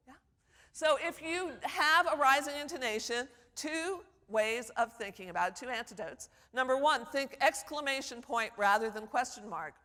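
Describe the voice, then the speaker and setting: A woman's voice: sits high, normal speed. A woman teaching public speaking at a conference, lecturing and acting out quoted voices as examples. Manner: animated, acts out quoted voices. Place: conference hall. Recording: long hall reverb.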